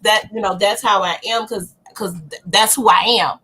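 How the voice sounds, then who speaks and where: A woman's voice: mid-range voice, fairly even intonation, normal speed, bright, forceful tone, a little hiss or hum. A woman from Memphis with a Southern accent, co-hosting a podcast in upbeat casual chat. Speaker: podcast co-host.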